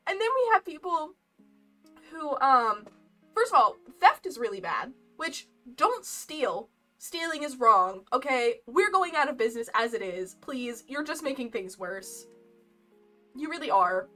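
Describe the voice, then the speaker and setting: A young woman telling a casual story while streaming, animated and rambling, laughing often. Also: high-pitched, a little slow. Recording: lo-fi game music behind.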